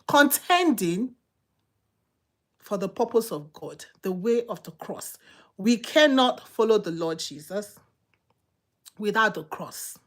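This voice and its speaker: A woman with a Nigerian English accent preaching a sermon, emphatic and repetitive, swinging between loud exhortation and quiet asides. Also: medium pitch.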